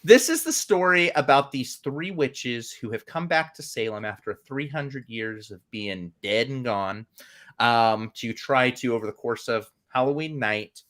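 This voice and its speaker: Man, mid-pitch, bright tone, casual rambling film chat over a video call. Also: measured pace. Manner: rambling, many fillers. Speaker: podcast co-host.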